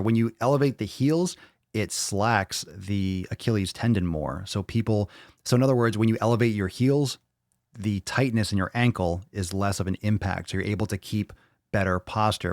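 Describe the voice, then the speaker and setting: A man with a lowish voice, recorded dry and close, running a casual live fitness Q&A. He reads out viewer questions and answers them bluntly, swearing freely. The delivery is loose, offhand and unscripted. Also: dry recording. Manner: blunt and profane, reads questions aloud then rants.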